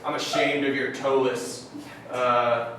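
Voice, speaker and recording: Sarcastic, sulky son played by a man; slow, swooping delivery, distant in a reverberant, noisy hall. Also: medium pitch, little pitch movement, bright, forceful tone. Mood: accusing. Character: whiny grown son who wants a giraffe hat. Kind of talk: live improv comedy scene. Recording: noisy echoey hall from far off.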